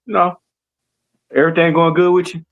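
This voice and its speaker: A man with a fairly high voice hosts a casual podcast. He is upbeat and talks his co-hosts up warmly. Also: flat delivery, brisk, narrow, tinny audio. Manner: upbeat, hyping up guests. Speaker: podcast host.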